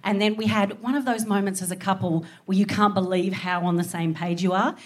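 A woman with an Australian accent telling a comic story on stage, animated and swearing freely as she acts out voices. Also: medium pitch, a little fast. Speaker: comedian. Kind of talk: live stand-up storytelling.

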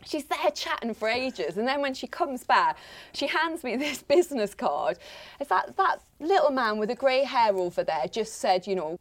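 A woman's voice: fairly high pitch, big pitch swings, normal speed. A woman from North East England, a panel guest, chatting and giggling as she tells a funny anecdote. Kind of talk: telling an anecdote on a comedy panel.

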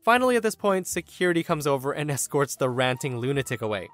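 A man hosting a podcast, reading a story aloud in an animated, sardonic way. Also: mid-range voice, fast talker. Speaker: podcast host reading stories. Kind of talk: story narration with quoted voices.

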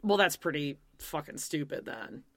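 A woman's voice: deep voice, animated, moderate pace, a bit bright, no echo. Wry, blunt woman podcast co-host, dry sound. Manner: wry, blunt, swears casually. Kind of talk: casual chat recapping a TV show.

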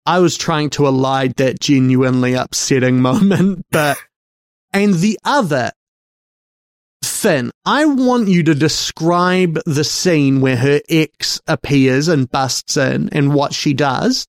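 A male co-host picks apart a film in relaxed conversation, taking his time over every thought. His delivery is halting and wry, and his voice sits a touch high for a man. The recording is close and dead, with no room sound. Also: no room sound. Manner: halting, searching for words, wry. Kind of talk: casual film discussion.

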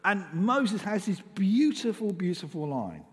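A man's voice: high voice, sing-song, a little slow. A man preaching a sermon in an informal, conversational way, rising in emphasis on key lines. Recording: echoey church hall.

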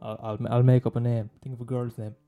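A man's voice: medium pitch, little pitch movement, quick pace, phone-quality sound, faint music behind. A young man doing a profane, mocking comic rant, rambling and swearing constantly. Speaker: comedian.

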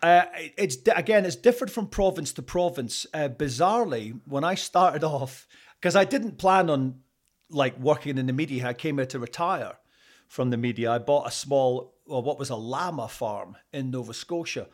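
A man's voice: medium pitch, normal speed. A man from Scotland with a Scottish accent, chatting as an interview guest, rambling with fillers and restarts and laughing often. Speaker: interview guest, radio presenter. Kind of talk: casual interview chat.

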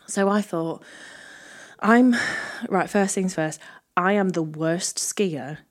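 A woman co-hosting a podcast in casual chat, telling animated stories and acting out what people said. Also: lowish voice, takes it slowly. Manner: animated storyteller who laughs often and acts out quotes. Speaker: podcast co-host.

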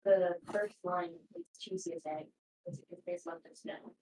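A woman chatting casually before a live stream, retelling a show in a rambling, animated way with lots of fillers. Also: lowish voice, moderate pace, vocal fry. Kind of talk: casual chat. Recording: roomy, distant mic with background noise.

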